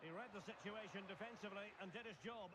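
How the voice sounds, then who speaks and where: A man with a high voice calls football play-by-play in a scripted video game style. He stays measured between moves and jumps up sharply on scoring chances. Loud noise sits heavily under his voice. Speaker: play-by-play commentator.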